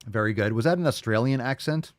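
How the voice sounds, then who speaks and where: In a mid-range voice at a quick pace, a commentary show host rants crudely and sarcastically, ridiculing his subject and putting on mock voices. The sound is clean studio audio with no echo.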